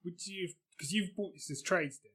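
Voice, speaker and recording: A man co-hosting a podcast in a relaxed, casual way, mostly listening and chiming in. His voice is a little higher than most men's and slightly husky. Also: normal speed. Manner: relaxed listener, short agreeing replies. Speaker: podcast co-host. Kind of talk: casual chat.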